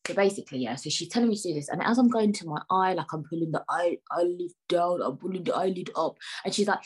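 A young woman telling an animated, exasperated story to her viewers in slangy, casual speech. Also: on the low side, fast talker, hardly any pauses, breathy edge. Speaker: vlogger.

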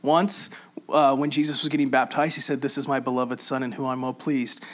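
A man preaching in a relaxed, conversational way, reading scripture aloud and explaining it with frequent pauses and fillers. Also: medium pitch. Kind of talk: casual Bible teaching.

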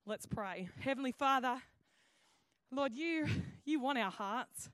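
A woman pastor tells a story from the pulpit in a loose, chatty way, stopping and restarting her sentences. Her voice sits high, and the sound is dry and close. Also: lively intonation, slow pace, fairly bright tone, clear, resonant tone, no room sound. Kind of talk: sermon. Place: church auditorium.

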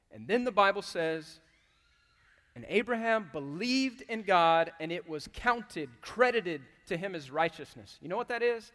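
Animated preacher man in a reverberant hall. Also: sits high, normal speed. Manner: animated, acts out quotes loudly. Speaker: pastor. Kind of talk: sermon.

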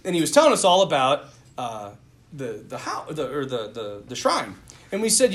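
A man giving a Lenten talk, an animated storyteller with casual, filler-heavy speech. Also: on the high side, normal speed. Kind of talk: storytelling talk ending in prayer.

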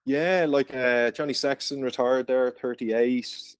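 A man's voice: medium pitch, fairly even intonation, slow, clean tone, dry recording. An Irish man from Ireland, a podcast guest, telling stories in casual chat and laughing often. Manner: chatty storyteller, laughs often.

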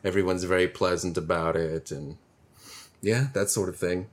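A man chatting casually, telling stories in a halting way full of fillers. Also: sits low, fairly even intonation. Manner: halting, filler-heavy storytelling. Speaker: podcast co-host and game master. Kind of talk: casual chat.

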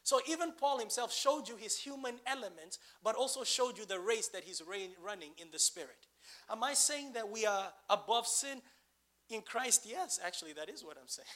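A man's voice: sits high, animated, moderate pace, bright, forceful tone. A man preaching a sermon, asking the congregation questions and building to emphatic bursts.

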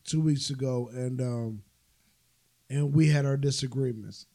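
A man's voice: medium pitch, unhurried, vocal fry, mellow. A man co-hosting a casual podcast chat, blunt and profane, laughing easily. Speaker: podcast co-host.

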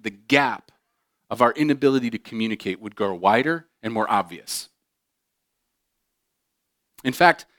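A man preaching a sermon as pastor, animated and often acting out quoted voices with humor. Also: medium pitch, no room sound, clean studio sound.

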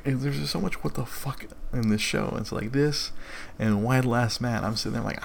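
A man's voice: mid-range voice, normal speed, creaky, a little hiss or hum. A young adult man hosting a live stream, chatting casually in a rambling, profane way with many restarts. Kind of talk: casual chat.

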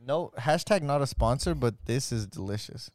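A young man hosting a casual podcast chat, excitable and slangy, full of "bro" and exclamations. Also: medium pitch, moderate pace, a little hiss or hum. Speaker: podcast co-host.

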